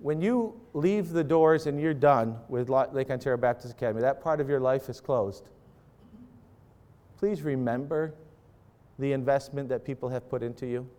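A man's voice: medium pitch, normal speed, darkish tone. A man preaching a sermon to parents and students, with an impassioned delivery that swells and drops as he acts out prayers. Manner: impassioned preaching, voice rising and falling for acted prayers. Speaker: pastor.

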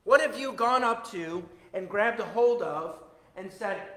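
A man preaches to his church with a bright, forceful voice, swinging from loud bursts to hushed asides. His sermon rings through a roomy hall with a long echo behind it. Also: high-pitched, a little slow. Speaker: pastor.

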